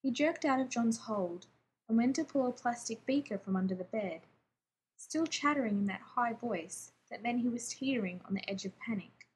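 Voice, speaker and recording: A woman reading fiction aloud in a steady, even narrating voice. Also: on the high side, normal speed, husky.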